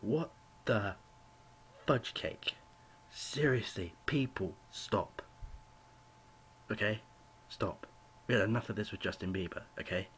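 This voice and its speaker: Young man, home vlog rant, rambling and apologetic, low-ish voice, faint room hiss. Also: expressive, slow pace, pauses often, a bit bright. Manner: rambling, apologetic, full of "you know" fillers. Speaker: vlogger.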